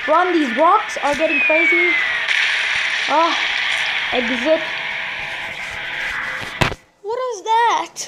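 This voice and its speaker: A woman hosting a let's play, excitable and jokey, exclaiming at every surprise. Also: high-pitched, heavy background noise. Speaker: gaming channel host. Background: game music.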